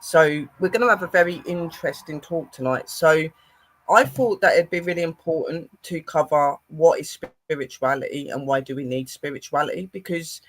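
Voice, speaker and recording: A host opening an online talk show, slowly introducing a co-host and guests. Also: female voice, sits low.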